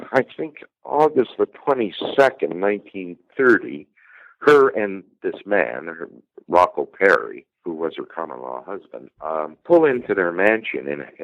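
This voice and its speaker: Deep-voiced man retelling a crime case. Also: no echo, poor audio. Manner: halting, with many fillers and restarts. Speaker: guest storyteller.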